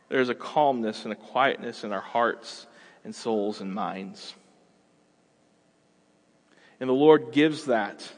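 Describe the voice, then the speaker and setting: A man in his thirties preaching a sermon as a pastor, conversational and animated, acting out everyday scenes. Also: on the high side, long reverb tail.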